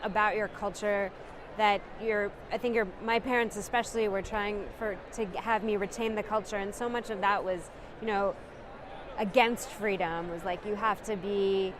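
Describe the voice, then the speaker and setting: A woman speaking softly and thoughtfully in casual talk, with fillers. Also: medium pitch, fairly even intonation, moderate pace, background noise. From United States.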